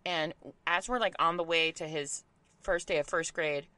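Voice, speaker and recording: A woman's voice: sits low, normal speed, bright, forceful tone, no echo. A woman in her thirties hosting a podcast, telling a story in casual chat and acting out the quotes with lots of laughter. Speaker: podcast host.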